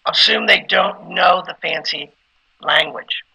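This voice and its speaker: A man's voice: a little high, fairly even intonation, slow pace, gravelly, sharp tone, slightly rough, low-quality recording. A middle-aged man giving an informal lecture on preaching skills, conversational and at times emphatic like a preacher. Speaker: instructor teaching preaching skills.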